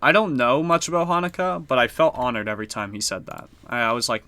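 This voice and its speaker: A man's voice: medium pitch, fairly even intonation, fast, bright, forceful tone, dry recording. Laid-back swearing male game streamer. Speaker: streamer playing a strategy board game. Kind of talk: casual live-stream commentary.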